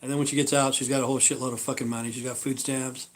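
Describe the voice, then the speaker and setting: A man's voice: mid-range voice, flat delivery, rapid-fire, slight background noise. A man hosting a live stream, telling stories in a meandering, profane way. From Idaho. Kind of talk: rambling casual live-stream chat.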